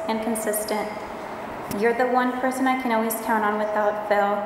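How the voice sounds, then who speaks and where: A woman's voice: on the high side, background noise. A young woman, the bride, reading her wedding vows in a tender, heartfelt way. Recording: distant, very echoey hall with ambience.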